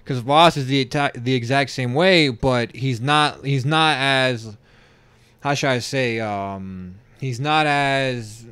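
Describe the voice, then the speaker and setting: A man's voice: mid-range voice, takes it slowly, fairly bright tone, clean tone, no echo. Dude rambling about a movie on a podcast, trips over his words, dry sound. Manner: rambling, hesitant, defensive. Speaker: podcast co-host. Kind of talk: casual movie review chat.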